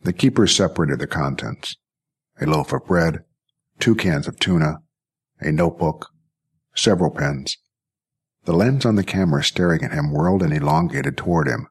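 A male narrator reading a science-fiction story in steady, even storytelling. His voice is very deep, with a husky, grainy edge to it. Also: moderate pace, long pauses. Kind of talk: scripted audiobook narration.

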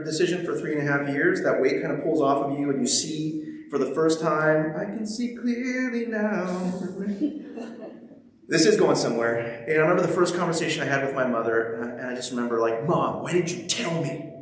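A man preaches a sermon, first reading scripture and then talking with the congregation in a chatty, funny way, frequently checking in with them. His voice is a little high and quick, and the recording echoes heavily in a large hall.

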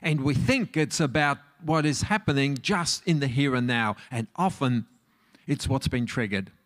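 A man's voice: medium pitch, normal speed, a bit bright. Chatty middle-aged male counsellor. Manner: conversational, asks the audience questions. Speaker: marriage counsellor. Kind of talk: relaxed talk to a live audience.

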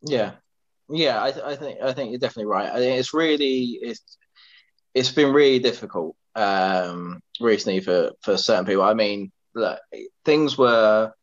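A man's voice: medium pitch, normal speed, muffled recording. A man, co-hosting a podcast in casual, earnest chat that rambles with restarts. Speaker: podcast co-host.

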